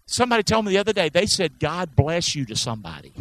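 A man's voice: sits high, sing-song, fast talker, poor audio. A man preaching a sermon, emphatic, often asking the congregation to answer or repeat after him. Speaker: pastor.

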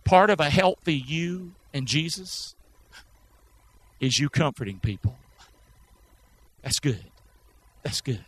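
A man's voice: on the high side, lively intonation, slow, long pauses, husky, poor audio. A man preaching a sermon, emphatic, often asking the congregation to answer or repeat after him. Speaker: pastor.

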